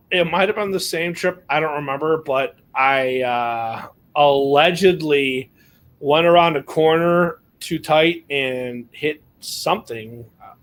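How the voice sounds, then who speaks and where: Casual male storyteller, a touch high, loose and profane, lots of ums and likes. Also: fairly bright tone. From United States. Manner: rambling, profane, full of fillers. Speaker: podcast co-host.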